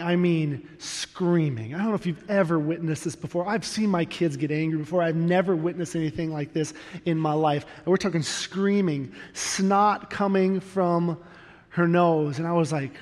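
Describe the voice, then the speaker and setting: Candid high-voiced man preaching. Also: darkish tone. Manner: candid personal storytelling, earnest and self-deprecating. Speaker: pastor. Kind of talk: sermon. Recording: long reverb of a large hall.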